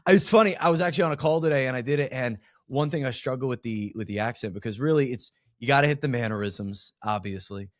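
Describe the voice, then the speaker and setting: Animated rambling male podcast guest. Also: mid-range voice, quick pace, hardly any pauses, no echo, clean studio sound. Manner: animated, rambling, with frequent restarts and slang. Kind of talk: casual conversational interview.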